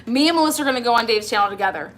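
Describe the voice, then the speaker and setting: A woman's voice: fairly high pitch, expressive, racing, fairly bright tone. Exasperated woman ranting on a livestream. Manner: exasperated, confrontational, addresses absent person directly. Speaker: livestream host.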